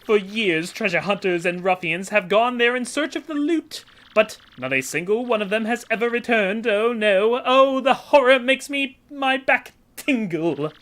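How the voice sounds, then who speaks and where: A woman's voice: a little high, animated, unhurried, hardly any pauses, a bit bright. A woman hamming up a pompous flamboyant rich trader man. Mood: theatrical. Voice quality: grand, theatrical, pompous exclamations. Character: flamboyant vain rich male sea trader. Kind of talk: voicing game dialogue for a let's play.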